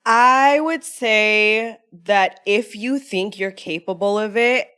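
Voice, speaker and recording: A woman's voice: medium pitch, slow pace, sharp tone, clear, resonant tone. A woman guest on a casual podcast chat, a speech student who laughs through her words and breaks up easily.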